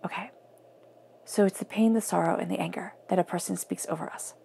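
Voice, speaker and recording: A woman giving an earnest tarot reading, often dropping her voice to a soft near-whisper for emphasis. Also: lowish voice, steady tone, a little fast, creaky, slight background noise. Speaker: tarot reader.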